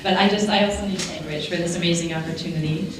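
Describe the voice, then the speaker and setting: A woman's voice: fairly low pitch, steady tone, racing. A woman giving an earnest, heartfelt formal introduction of a keynote speaker in a large conference hall. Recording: echoey hall, distant mic, audible noise.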